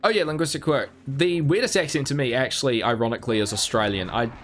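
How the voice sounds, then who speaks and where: A man's voice: mid-range voice, fast talker, fairly bright tone, faint music behind. A man from New Zealand chatting casually while streaming a game, rambling and self-mocking with many restarts. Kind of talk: casual gameplay chat.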